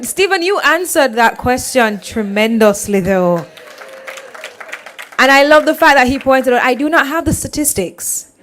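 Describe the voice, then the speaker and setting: A woman hosting a forum event, upbeat and encouraging as she introduces speakers. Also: sits high. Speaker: event host. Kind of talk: emceeing a forum.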